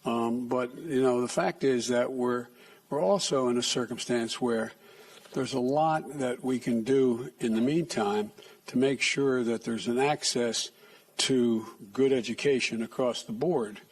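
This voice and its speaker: An older man answering reporters' questions at a press conference, speaking haltingly with frequent restarts and soft asides. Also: mid-range voice, slightly rough, distant mic. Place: press room.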